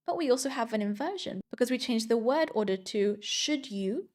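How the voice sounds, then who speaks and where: A woman teaching a scripted English grammar lesson, speaking clearly and slowing down to read out example sentences. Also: a little high, animated, darkish tone.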